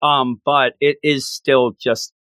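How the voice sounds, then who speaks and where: A man's voice: medium pitch, little pitch movement, slow, fairly bright tone, no echo, studio quality. A man chatting casually as a co-host, retelling a story with feeling and acting out the characters' lines. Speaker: podcast co-host recapping a game. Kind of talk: casual chat.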